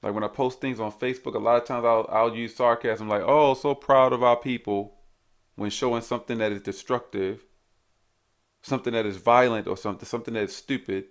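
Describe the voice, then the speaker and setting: A man's voice: on the low side, steady tone, fast. A man hosting his own show, delivering a blunt, preachy ranting monologue full of repeated rhetorical questions. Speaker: host.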